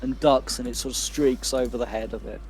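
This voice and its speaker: A man's voice: medium pitch, fairly even intonation, a little mellow. A man narrating as game master in a casual tabletop game, counting out moves as he goes. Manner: measured, counts movement squares aloud.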